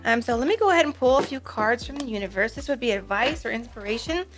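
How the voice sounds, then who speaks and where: Gentle soft-spoken woman tarot reader. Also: fairly high pitch, lively intonation, fast, soft background music. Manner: gentle, reflective, many fillers. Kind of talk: pick-a-card tarot reading.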